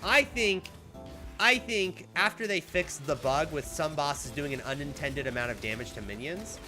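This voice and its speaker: A man streaming a game, chatting casually with viewers in an upbeat way, full of fillers. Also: on the high side. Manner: chatty, upbeat, reads chat aloud, full of "like" and "right?".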